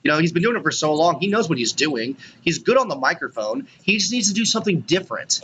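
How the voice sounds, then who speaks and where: A man's voice: a little high, sing-song, quick pace, a bit bright, slight background noise, rough recording. A man co-hosting a podcast in casual chat, rambling with lots of "you know" and "like". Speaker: podcast co-host.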